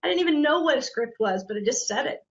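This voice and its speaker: Woman agent on a podcast, animated, laughs a lot, kinda high voice, dull lo-fi sound. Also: fast talker, crowd noise. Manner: animated, laughs often, acts out quotes. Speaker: guest real estate agent. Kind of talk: casual podcast conversation. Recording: muffled lo-fi audio.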